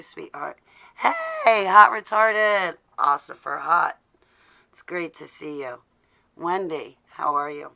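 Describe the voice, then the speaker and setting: A woman's voice: lowish voice, gravelly, bright, forceful tone. A woman vlogger in a rambling, sarcastic live video from home, greeting viewers by name as she talks. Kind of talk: casual rambling political rant.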